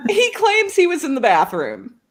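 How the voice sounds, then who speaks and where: A woman from Oklahoma co-hosting a show, telling a story in casual chat with an animated, laughing manner. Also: high-pitched, moderate pace. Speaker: co-host of a writing show.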